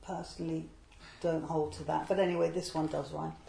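A woman, a literary translator, explaining a poet's life in a digressive way and reading verse slowly and deliberately. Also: low voice, flat delivery, gravelly, dark tone, roomy sound, rough recording. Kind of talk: talk on poetry with a verse reading.

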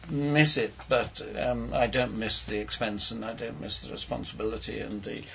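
A man's voice: medium pitch, moderate pace, creaky, fairly bright tone, rough recording. An older man, a poet on a panel, telling anecdotes in a hesitant way and repeating his words. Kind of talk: casual panel discussion.

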